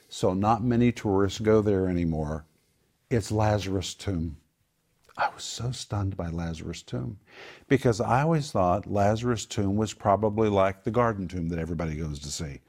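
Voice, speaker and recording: A middle-aged man hosting a casual chat, telling stories with rising excitement. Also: fairly low pitch. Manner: animated storyteller, voice rising with excitement. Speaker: host.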